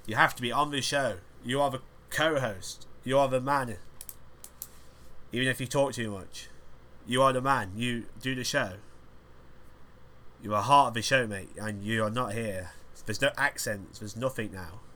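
A man's voice: medium pitch, moderate pace, pushed and bright. A man hosting a podcast alone, rambling through crude, jokey banter in a casual chat. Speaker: podcast host.

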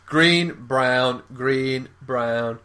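A man's voice: medium pitch, extremely slow, bright, forceful tone. A man co-hosting a casual podcast, incredulous and teasing, swearing freely. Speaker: podcast co-host.

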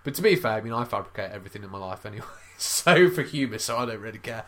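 A man's voice: lowish voice, animated, very fast, a bit bright. A young man co-hosting a podcast, rambling through crude comedic banter and laughing often. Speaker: podcast co-host.

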